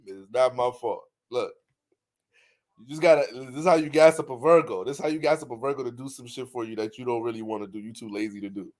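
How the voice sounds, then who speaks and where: A man talks casually about astrology with lots of energy, cracking jokes, cursing freely, and laughing a lot. His voice sits in the middle range and he speaks quickly.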